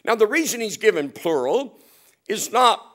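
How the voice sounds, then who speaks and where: Folksy preacher man, somewhat high voice. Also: sing-song, normal speed. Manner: folksy and humorous, swinging from loud to hushed; often chuckles while telling stories. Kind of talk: storytelling sermon.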